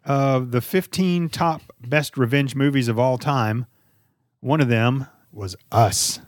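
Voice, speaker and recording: A man's voice: medium pitch, slow pace, no room sound, studio quality. A middle-aged man co-hosting a casual podcast with his son, talking in a joking, playful way. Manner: joking, playful, lively delivery. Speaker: podcast co-host, father. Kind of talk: casual chat.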